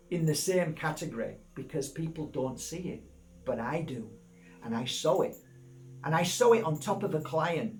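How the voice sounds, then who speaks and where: A man's voice: a little high, slight background noise. Enthusiastic man showing crystals. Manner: enthusiastic, rambling, repeats words. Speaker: crystal healer and seller. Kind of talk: casual unboxing talk with storytelling.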